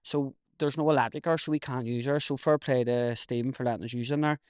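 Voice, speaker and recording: A man's voice: medium pitch, fairly even intonation, fast, a little mellow, no echo, studio quality. A man with a West Belfast accent, chatting bluntly as a podcast guest, swearing freely and calling people "mate". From Northern Ireland. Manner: blunt, swears a lot, says "mate" often. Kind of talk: casual chat.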